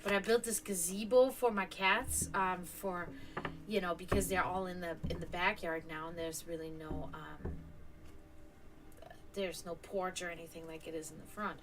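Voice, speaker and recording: A woman hosting a home livestream, chatting casually and rambling, who laughs often, swears, and slips into high sing-song baby talk with her cats. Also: steady tone, moderate pace, low-quality recording. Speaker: esoteric stream host. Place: home, indoors.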